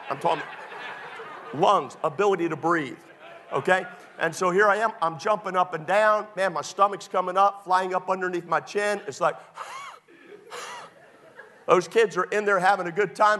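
A middle-aged male pastor with a high-pitched voice preaches a sermon. He gets animated and emphatic at points, then turns folksy and humorous when telling stories.

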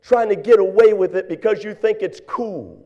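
A pastor preaching a sermon in church, swinging from hushed, quiet lines to shouted, fervent exhortation. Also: male voice, high voice, moderate pace, muffled recording.

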